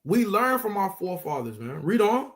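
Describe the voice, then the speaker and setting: A religious teacher, a man with a voice high for his sex, explains scripture in loose street talk, driving each point home with emphasis and repeated phrases. He stays conversational, speaking to a partner, and is very animated, at normal speed with a slightly bright tone.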